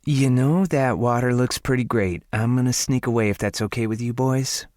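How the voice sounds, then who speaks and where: A man reading an audiobook voices a soft-spoken, shy young woman with a gentle delivery. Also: medium pitch, moderate pace, no room sound, studio quality, voice pushed up, lightly acted.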